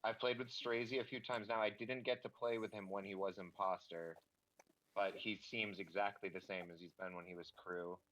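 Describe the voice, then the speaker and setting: A young man with a fairly low voice, reasoning out loud as he plays. His sentences stop and restart as he works through his suspicions, all in a casual streaming chat. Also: fairly even intonation, moderate pace, poor audio. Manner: thinks aloud, many restarts. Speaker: game player.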